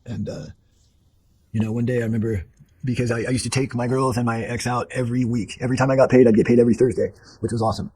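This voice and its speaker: Fast-talking husky man, blunt and profane. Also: mid-range voice, level tone, warm tone, rough recording. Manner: blunt and profane, with many fillers; rambling, restarting sentences. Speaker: interviewee. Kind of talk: candid personal storytelling.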